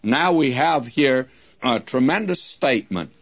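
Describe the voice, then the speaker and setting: A man's voice: medium pitch, animated, measured pace. A man teaching the Bible in a radio sermon, emphatic and speaking straight to his listeners as friends, on a dull lo-fi broadcast recording.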